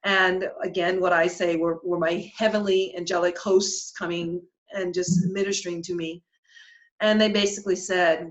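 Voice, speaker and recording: A woman's voice: lowish voice, flat delivery, muffled recording. Earnest woman telling a spiritual story. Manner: earnest, spiritual, halting with restarts. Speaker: podcast guest. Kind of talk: emotional personal storytelling.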